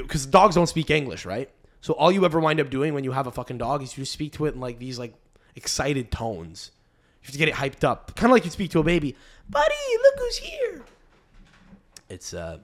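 Crude rambling man hosting a podcast. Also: medium pitch. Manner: crude, rambling, swears a lot, laughs often. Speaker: podcast host. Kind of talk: casual podcast rant. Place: home, family upstairs.

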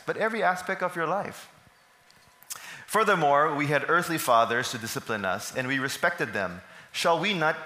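A man's voice: medium pitch, bright, forceful tone. A man, preaching a sermon and putting questions to the congregation that he answers himself. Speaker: pastor. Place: church service hall. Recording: echoey hall.

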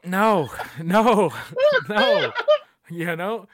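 A man's voice: sits high, big pitch swings, normal speed, sharp tone, no echo, studio quality. A young man hosting a podcast, ranting casually and emphatically, swearing often and repeating his points. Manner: profane, emphatic, repeats himself.

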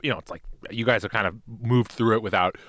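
A man's voice: fairly low pitch, fast, a bit bright, no room sound, clean studio sound. A man co-hosting a casual podcast chat, talking in an impassioned, rambling way with many restarts. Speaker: podcast co-host.

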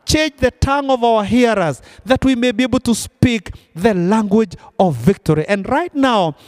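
Very high-voiced fervent male preacher. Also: expressive, moderate pace, darkish tone. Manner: fervent, repetitive decrees. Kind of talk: sermon and prayer.

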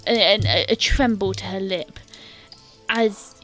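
A woman's voice: medium pitch, a little slow, fairly bright tone, soft background music. A woman game master narrating a tabletop scene in detail, with many fillers and hesitant restarts.

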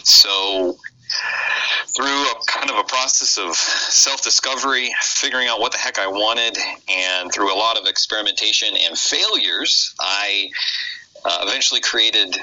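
A man's voice: on the low side, a little slow, sharp tone, highs cut off. A man with a Midwestern American accent, a pharmacist guest on a casual remote interview, talking in a friendly, upbeat, chatty way. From United States. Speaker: pharmacist and career coach guest.

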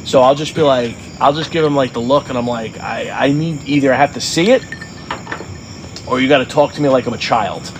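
A man's voice: medium pitch, a little fast, background noise. Rambling, loose-talking man on a podcast. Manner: rambling, loose storytelling full of fillers and swearing. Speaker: podcast co-host. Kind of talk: casual chat.

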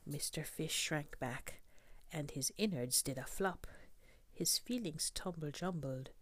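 A woman reading a children's picture book aloud, soft and often whispered, asking the listener questions. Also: sits low, slow pace, slightly rough. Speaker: storybook reader.

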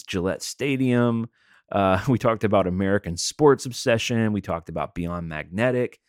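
A man's voice: lowish voice, no echo, studio quality. A man hosting a podcast, chatting casually and rambling a little with fillers. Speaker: podcast host.

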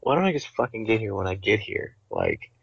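Young male co-host, husky gravelly rant, dry dull lo-fi recording. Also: lowish voice, wildly swooping pitch, brisk, no echo. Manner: ranting, exasperated about work rules. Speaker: podcast co-host. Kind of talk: casual chat. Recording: dull lo-fi sound.

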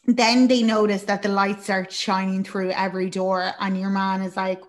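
A woman's voice: medium pitch, flat delivery, normal speed. Woman, casual film recap, mid-range voice, rambling, sweary. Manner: chatty, rambling, lots of fillers and swearing.

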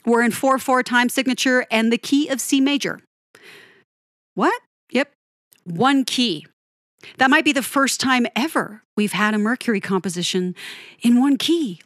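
A woman's voice: fairly high pitch, lively intonation, measured pace, long pauses, fairly bright tone, no echo. A young woman talks through a song breakdown in an upbeat, chatty way, laughing often as she goes. Her voice sounds a bit froggy and short of breath after exercise. The recording is close and dry, with no room sound. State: winded and a little froggy after a run. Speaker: music podcast host. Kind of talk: casual solo music analysis.

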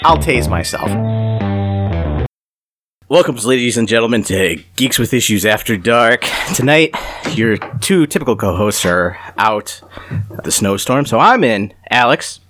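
Host, male, jokey, bright lively voice, Ohio. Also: medium pitch, measured pace, faint music behind. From Northeast Ohio, US. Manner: jokey, laughs often. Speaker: podcast host. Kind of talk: casual chat.

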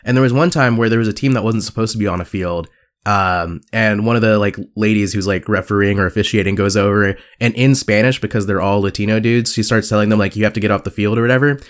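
A young man co-hosting a casual podcast, telling stories and putting on squeaky voices for the people he quotes. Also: fairly even intonation, fast talker. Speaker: podcast co-host. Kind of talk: casual chat.

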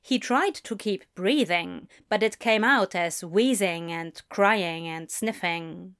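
A woman narrating a fan fiction story in a soft, gentle storytelling manner. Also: medium pitch, takes it slowly, clean tone. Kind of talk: audiobook fan fiction reading.

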